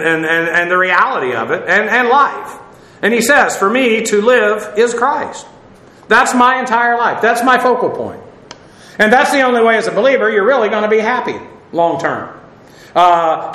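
A man's voice: sits high, bright, forceful tone, reverberant. A man preaching a casual sermon, chatty, with wry asides and many fillers.

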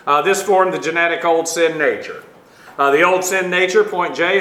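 A man teaching a Bible lesson, halting often with fillers and dry asides. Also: on the high side, bright, forceful tone, echoey room.

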